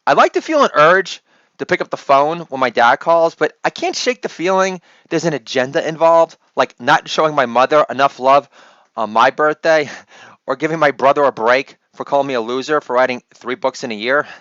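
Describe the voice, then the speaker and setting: A man doing a brash, rambling solo comedy monologue and shouting out catchphrases. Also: on the high side, animated, normal speed, no echo. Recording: dull lo-fi dry recording.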